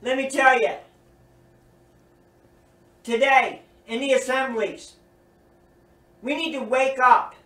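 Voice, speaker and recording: A man's voice: extremely high pitch, fairly even intonation, slow pace, long pauses, sharp tone. A man preaching a sermon, earnest and emphatic, repeating his points. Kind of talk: recorded sermon teaching. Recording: roomy echo, distant from mic.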